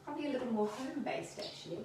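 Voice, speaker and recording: A woman's voice: fairly high pitch, expressive, rapid-fire, recorded from a distance, noisy background. A woman from Africa, speaking, hosts a home cooking video. She talks in a chatty, rambling way and laughs easily. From South Africa. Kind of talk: casual cooking demonstration and chat. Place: home kitchen. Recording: echoey room, voice away from the mic.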